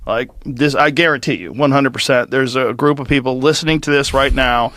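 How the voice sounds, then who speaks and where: A man in a podcast clip, talking in a measured, slightly hesitant way. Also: mid-range voice, a bit bright, no room sound, studio quality. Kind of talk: conversational podcast talk.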